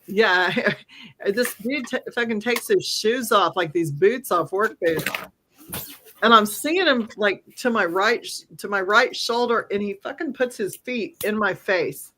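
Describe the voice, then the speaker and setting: A woman medium on a podcast, telling stories with a bright, forward tone. She swears freely and laughs often. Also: medium pitch, unhurried, a little hiss or hum. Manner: blunt and profane, laughs often. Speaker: psychic medium, podcast guest. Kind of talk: casual storytelling.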